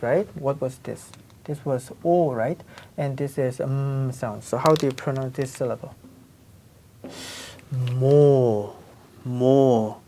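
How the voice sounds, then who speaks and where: A woman's voice: extremely low pitch, a little mellow. A woman teaching a language lesson, patiently repeating sounds and checking in with her students. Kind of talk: slow explanatory lesson with spoken examples.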